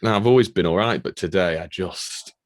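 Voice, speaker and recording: A hungover man co-hosting a podcast, talking in a sluggish, low-key way. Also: brisk, dry recording, clean studio sound. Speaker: podcast co-host. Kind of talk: casual chat.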